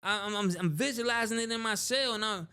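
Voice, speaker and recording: A man tells his stories as an interview guest, his speech thick with street slang and loose repetition. His voice sits a little higher than most men's, and he keeps things animated, swinging up and down as the story runs. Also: brisk, clear, resonant tone. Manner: street slang, animated, often repeats "bro" and "you know what I'm saying". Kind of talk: casual storytelling.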